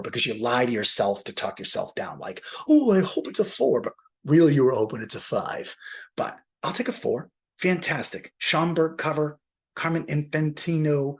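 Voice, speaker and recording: A man's voice: medium pitch, vocal fry, fairly bright tone, slightly rough. A man chatting casually as he unboxes graded comic books, thinking aloud and poking fun at himself. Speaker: comic book collector.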